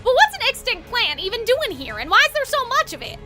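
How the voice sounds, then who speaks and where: A woman voicing an excitable young man who speaks with a put-on country accent. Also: extremely high pitch, fairly quick, soft background music, pitched above the performer's own voice, full character voice. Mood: baffled.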